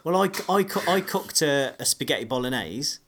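A man co-hosts a podcast in relaxed conversation, rambling and frequently restarting his sentences. His mid-range voice is a bit bright, with lively intonation and a moderate pace, over slight background noise.

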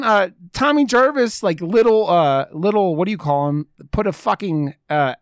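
A man's voice: sits high, animated, normal speed, few pauses, smooth, no echo, clean studio sound. An American man co-hosting a casual chat, rambling and swearing, with lots of fillers. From United States. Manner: rambling, profane, full of fillers. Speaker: podcast co-host.

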